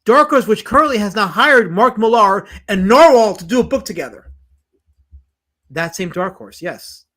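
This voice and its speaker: A man with a Southern US accent hosting a casual comics live stream, animated and jokey, repeating himself as he reads the chat aloud. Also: sits high, moderate pace.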